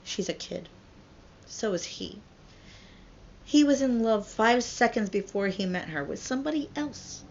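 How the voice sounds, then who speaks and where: Gravelly, foul-mouthed woman vlogger. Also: on the high side, expressive, measured pace, pauses often, lo-fi sound. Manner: profane, blunt and chatty. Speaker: vlogger and parent. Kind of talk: irreverent storytelling retelling.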